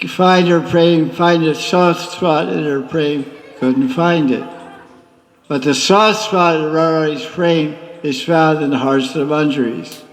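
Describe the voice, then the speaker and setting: A man, a spiritual teacher, giving a lively devotional class with teasing asides. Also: fairly high pitch. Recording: echoey hall reverb.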